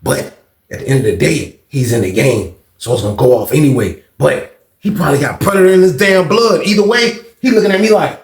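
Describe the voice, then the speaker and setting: A man's voice: a little high, lively intonation, brisk, reverberant. A man telling a story in a casual, slangy, profane way and talking to his viewers as "y'all".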